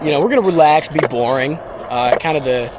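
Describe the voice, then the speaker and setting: Young man, late twenties, casual rambling vlog talk, jokey and offhand, clear wind and traffic noise behind. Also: on the high side, fairly quick. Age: late 20s. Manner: rambling, joking and offhand, with swearing. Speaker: vlogger. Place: in a car, then at an outdoor skate park.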